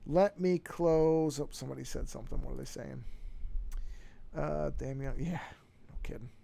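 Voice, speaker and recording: A man's voice: mid-range voice, steady tone, moderate pace, vocal fry, dark tone, a little hiss or hum. A man chatting casually on a livestream from his home office desk, rambling and interrupting himself with restarts and repeated words. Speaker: streaming artist. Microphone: desk microphone.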